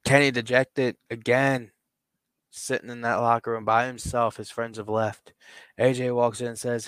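A man's voice: mid-range voice, flat delivery, normal speed, fairly bright tone, smooth, no room sound, studio quality. Casual male podcast narrator. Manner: casual play-by-play storytelling. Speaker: podcast host. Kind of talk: narrating a toy wrestling storyline.

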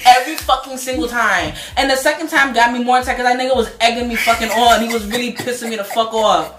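A woman's voice: a little high, fairly even intonation, fast, roomy sound, noisy background. A young woman telling a story in casual chat, heated and emphatic, swearing freely.

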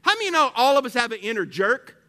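A man preaching a sermon as pastor, animated and full of rhetorical questions that he tosses to the congregation. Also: very high-pitched, fast.

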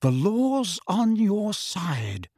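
Brief: soft, measured reassurer, voiced by a male narrator. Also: fairly high pitch, sing-song, no room sound, studio quality, voice pushed up, heavily acted. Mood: calm. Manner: quiet and measured. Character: quiet, calm man, reassuring teacher type.

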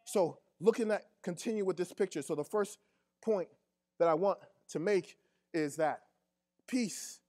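A man's voice: sits high, a little slow, warm tone. A man preaching a sermon as pastor, repeating his key phrases and drawing responses from the congregation in casual, colloquial speech.

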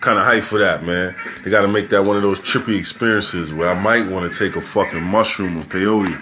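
A man's voice: low voice, fairly even intonation, fairly quick, noisy background. Brash, foul-mouthed male podcast host. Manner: brash, rambling, swearing freely. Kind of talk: profane news commentary podcast.

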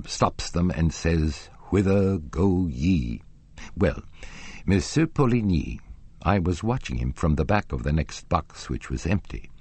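A man's voice: deep voice, a little mellow, breathy edge, no room sound, full character voice. A man voicing an indignant elderly female opera box-keeper, haughty and insistent, in an audiobook reading. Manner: haughty, insistent, gossipy storytelling.

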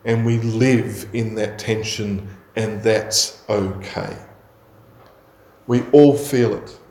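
Man, preacher, unhurried sermon delivery, repeated phrases, echoing room. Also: mid-range voice, a little mellow. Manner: slow, measured preaching with emphatic repetition.

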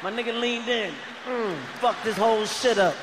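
High-voiced man doing animated stand-up. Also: normal speed, background noise. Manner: animated storytelling with loud outbursts. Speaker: stand-up comedian. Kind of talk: stand-up comedy set. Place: large arena stage. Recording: live arena with long reverb.

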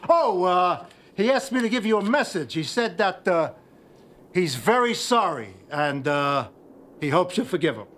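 An actor playing a nervous, chatty older uncle who rambles and hesitates, in a clip from a TV sitcom. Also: male voice, high-pitched, very animated, a little slow, fairly bright tone, heavily acted. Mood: hesitant. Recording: TV episode clip with room noise.

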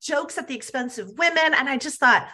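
A woman's voice: sits high, expressive, brisk, pushed and bright. A middle-aged woman, a health coach, speaking earnestly and emphatically as a podcast guest and often adding "right?". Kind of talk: podcast interview.

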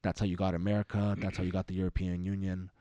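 Low-voiced man rambling about politics, cursing. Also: little pitch movement, fast, mellow, dry recording, muffled recording. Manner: rambling, profane, mimics other people in raised voices. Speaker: podcast co-host. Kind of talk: casual political chat.

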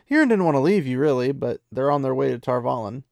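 A man retells a fantasy story in a loose, chatty way. His voice is gravelly and sits at a middle pitch. The sound is dry and close. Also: lively intonation, fast talker, a little mellow, dry recording. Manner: chatty, loose, with many "he's like" asides.

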